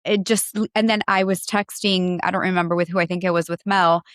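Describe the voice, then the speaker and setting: A woman's voice: fairly low pitch, steady tone, brisk, fairly bright tone, clear, resonant tone, no room sound, clean studio sound. Emotional woman rambling with restarts. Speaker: podcast co-host. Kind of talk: casual chat.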